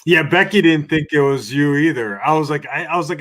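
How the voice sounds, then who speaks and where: A man co-hosting a casual livestream, upbeat and halting with restarts. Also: on the high side, fairly bright tone. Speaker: livestream co-host.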